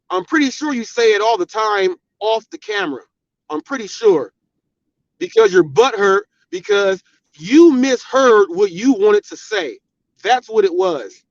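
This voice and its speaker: A high-pitched American man hosts his own channel and fires off a heated commentary, hammering the same points again and again. His voice sits dry and close in a muffled, lo-fi recording. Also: huge pitch swings, unhurried, creaky, dry recording. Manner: confrontational, repetitive, emphatic. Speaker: channel host. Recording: dull, dry lo-fi sound.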